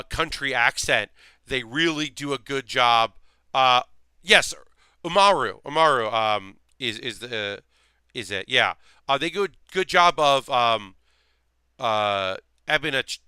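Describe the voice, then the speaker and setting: Bright, rambling male streamer. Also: mid-range voice, clear, resonant tone, dry recording. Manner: rambling, many fillers and restarts. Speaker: streamer building a model kit. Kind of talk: casual chat while building.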